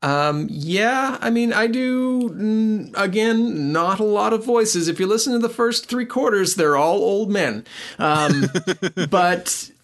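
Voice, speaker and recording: A man chats about running tabletop games, easygoing and unhurried, often working out his point as he goes. His voice sits a bit high for a man. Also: animated. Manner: easygoing, thinks aloud with restarts. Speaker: podcast co-host and game master. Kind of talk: casual chat.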